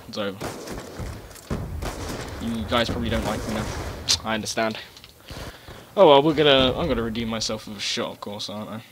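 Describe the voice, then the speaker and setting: Casual male gaming commentator, low voice, swears freely, game gunfire clearly audible under him. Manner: casual rambling, swears, sudden loud outbursts. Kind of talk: live gameplay commentary. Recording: game gunfire noise behind voice. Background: gunfire and explosions from the game.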